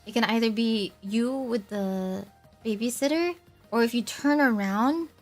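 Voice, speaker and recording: A young woman streams and chats in a high, bright-toned voice, drifting from one thought to the next and giggling at herself. She speaks at an unhurried pace. Faint music plays softly underneath her voice. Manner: giggly, rambling, self-teasing, laughs often. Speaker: VTuber streamer. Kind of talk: casual livestream chat.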